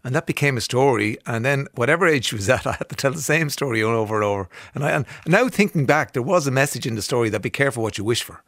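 Irish male radio host, mid-pitched, chatty, restarts often, dry studio mic. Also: lively intonation, fast, few pauses, a bit bright, dry recording. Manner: chatty and enthusiastic, with many ums and restarts. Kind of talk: casual radio chat. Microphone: studio microphone.

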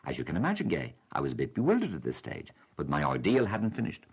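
Deep husky Irish radio host. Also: male voice, quick pace. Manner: wry, reads letters with lively expressive delivery. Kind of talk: reading out listener letters and replying. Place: radio studio.

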